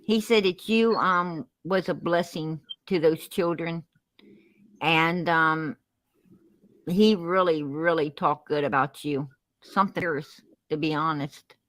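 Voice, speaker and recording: Slow, giggly woman teasing friends. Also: sits low, fairly even intonation, a bit bright, no room sound, low-quality recording. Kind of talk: casual chat on a stream.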